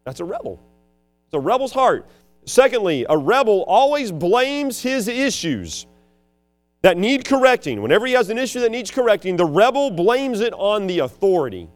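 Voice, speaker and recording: Brief: male preacher, sermon, very animated pitch, slightly high, faint music behind. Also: moderate pace. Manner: dramatic, emphatic, swings between loud and hushed, acts out quotes. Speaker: preacher and school teacher.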